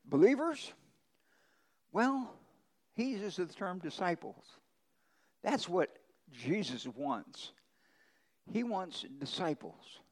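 A man's voice: high voice, big pitch swings, slow pace, pauses often, darkish tone, low-quality recording. A male pastor preaching a conversational sermon, telling folksy ranch stories with emphatic swings in his voice.

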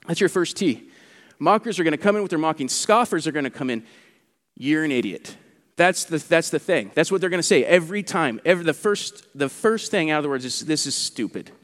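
Animated preacher in a reverberant hall. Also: male voice, on the high side, fast talker. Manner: animated, acts out mockers' quotes. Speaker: pastor. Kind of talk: sermon.

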